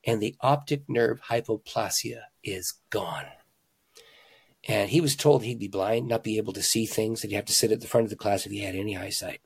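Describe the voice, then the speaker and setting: A man, a pastor and author, telling stories in an interview with animated emphasis, swinging between loud, excited lines and hushed ones. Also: lowish voice, fast, creaky, hardly any pauses, husky. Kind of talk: conversational storytelling.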